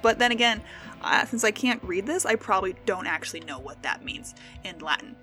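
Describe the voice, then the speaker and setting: A woman's voice: mid-range voice, expressive, brisk, pushed and bright, soft background music. A young American woman hosting a casual solo podcast, playful and self-mocking as she stumbles over words. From United States. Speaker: podcast host.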